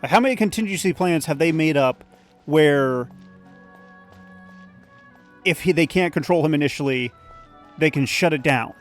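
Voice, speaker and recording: A man's voice: a little high, normal speed, long pauses, soft background music. A man hosting a let's play, giving casual, rambling, opinionated commentary and swearing casually.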